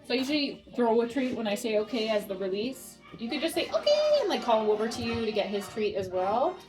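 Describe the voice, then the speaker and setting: A woman dog trainer at home, calmly and patiently talking through a training session and softly praising the dog. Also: on the high side, fast talker, over music, rough recording. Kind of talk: hands-on training demonstration. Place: home living room.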